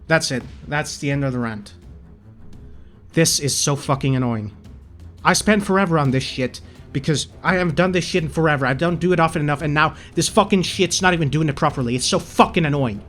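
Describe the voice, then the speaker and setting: A man's voice: on the high side, a little fast, fairly bright tone, soft background music. A man ranting with exasperation and heavy swearing while recording his screen, often stammering into restarts, his throat sore. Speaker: channel host.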